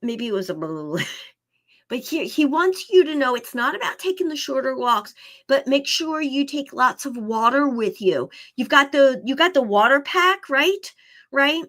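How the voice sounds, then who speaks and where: A woman's voice: high voice, expressive, measured pace, a bit bright. A woman working as an animal communicator, giving live readings in a chatty way, often repeating herself and laughing.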